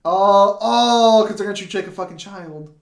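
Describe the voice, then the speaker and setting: A man's voice: sits high, moderate pace. A young man in his twenties chatting casually on a stream, joking, swearing and laughing often. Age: 20s. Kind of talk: casual chat.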